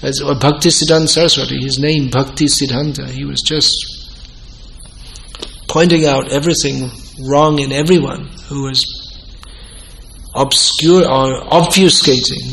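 A man's voice: mid-range voice, level tone, moderate pace, creaky, fairly bright tone, slight background noise, poor audio. A man giving an informal religious discourse to a small group, telling stories and quoting dialogue. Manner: storytelling, quotes dialogue, laughs at own points. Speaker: devotional teacher.

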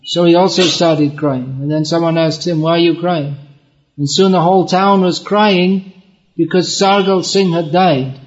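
A man delivers a devotional lecture in a fairly high voice, earnest and explanatory, often doubling back on his words. The recording sounds dull and lo-fi, like an old lecture tape. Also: steady tone, measured pace. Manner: chants verses in Bengali. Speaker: spiritual teacher.

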